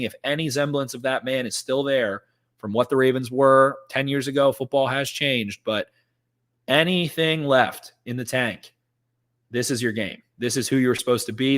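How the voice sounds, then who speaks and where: A man's voice: medium pitch, fairly bright tone. A young man co-hosting a sports podcast, talking in an emphatic, ranting way and repeating points for effect. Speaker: podcast co-host. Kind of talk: casual sports talk.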